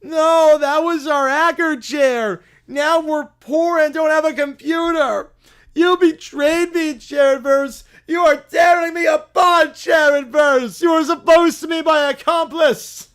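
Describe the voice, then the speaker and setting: A man voicing a bratty, whiny young male streamer who calls himself a princess, demanding and petulant in a comic skit. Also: a little fast. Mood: distraught. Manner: petulant, demanding, shrill whining. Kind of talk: comic skit read aloud on a livestream.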